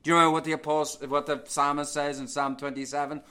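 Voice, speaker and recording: A male preacher delivering a sermon, his voice bright and forceful. He sits a little higher than most men and presses his points home with repetition and questions put to the congregation. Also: little pitch movement, fast talker, hardly any pauses, clean tone. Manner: preaching with rising emphasis and rhetorical questions. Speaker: pastor.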